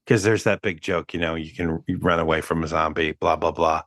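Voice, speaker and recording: A man co-hosting a movie podcast, in an animated, rambling manner with frequent restarts. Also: low voice, a little fast, dry recording, clean studio sound. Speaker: podcast co-host. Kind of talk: casual movie discussion.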